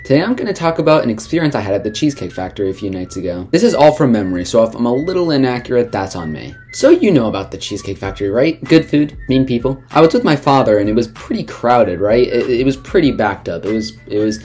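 A man tells a story to his viewers in a loose, chatty vlog style, tripping over his words and restarting sentences. Faint music plays softly behind him. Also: medium pitch, big pitch swings, fast, hardly any pauses. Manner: chatty, stumbles and repeats words. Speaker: vlogger. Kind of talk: casual storytelling to camera.

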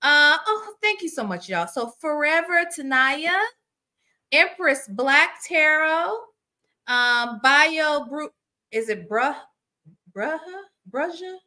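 A high-pitched woman takes her time as she hosts a relaxed reaction livestream. Outspoken and lively, she swears freely while talking to her viewers.

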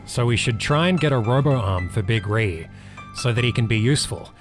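A man hosting a gaming channel, giving excitable let's play commentary and laughing often. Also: mid-range voice, a little fast, music in the background. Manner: excitable, laughs often, yells when things go wrong.

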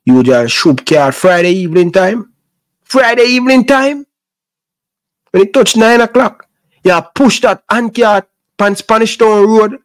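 A Jamaican man with a high voice holds forth to his audience in thick Patois. He sounds middle-aged and impassioned, preaching about patience and hustle as host of his own sports channel. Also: a bit bright. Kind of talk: casual rant to camera.

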